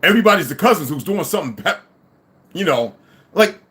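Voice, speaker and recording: A middle-aged man talks straight at his audience in a long, furious monologue. He is heavy on profanity and insults. His voice sits a bit high and moves through a wide, lively pitch range. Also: fairly quick. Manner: angry, insulting, swearing heavily. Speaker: livestream host.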